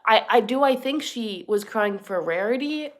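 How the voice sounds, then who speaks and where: A young woman with a slightly higher voice delivers casual reaction commentary. She is blunt, profane and openly sarcastic, firing off dry jabs as she talks. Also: lively intonation, normal speed. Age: young adult. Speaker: reaction channel host.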